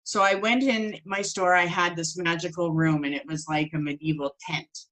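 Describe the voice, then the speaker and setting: A woman teaching a spiritual course, telling a personal story in an animated way and acting out the voices of the people in it. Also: lowish voice, normal speed, rough recording. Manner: animated, acts out quoted voices.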